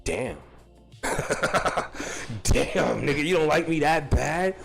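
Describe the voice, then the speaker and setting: A man's voice: on the high side, takes it slowly, vocal fry, soft background music. A young man telling a personal story in a casual, profane, rambling way. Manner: profane, animated, rambling with restarts.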